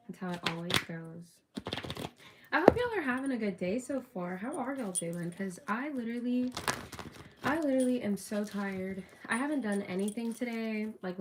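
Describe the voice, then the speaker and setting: A woman's voice: mid-range voice, very noisy. Chatty upbeat young woman reading tarot. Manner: chatty, upbeat, talks straight to viewers. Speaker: tarot reader.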